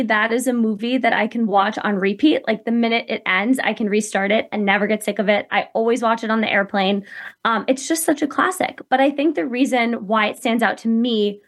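A woman talking as a guest on a talk show, upbeat and animated, acting out quotes as she speaks. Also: on the high side. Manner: upbeat, animated, quotes people in bright voices. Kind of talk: casual interview chat.

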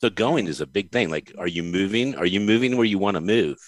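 A man's voice: deep voice, animated, brisk, no room sound. A man hosting a casual chat over a video call, joking and playful. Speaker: host.

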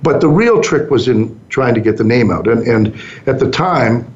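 A man's voice: medium pitch, animated, moderate pace, a little mellow. Man in his sixties telling business stories. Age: 60s. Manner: anecdotal, easygoing, acts out quoted lines. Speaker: business owner guest. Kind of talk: storytelling interview answers. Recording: dull muffled sound.

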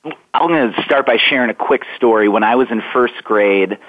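Earnest guy in his 40s telling a story over a tinny phone line, slows down to make a point. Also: mid-range voice. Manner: earnest, reflective, slows down for emphasis. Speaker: guest author. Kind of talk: storytelling interview answer.

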